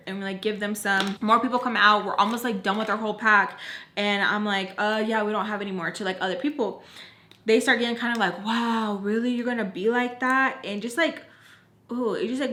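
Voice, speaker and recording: A young woman telling a storytime in a casual chat, animated, swearing and saying "like" a lot. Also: medium pitch, reverberant, a little hiss or hum. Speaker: storytime vlogger.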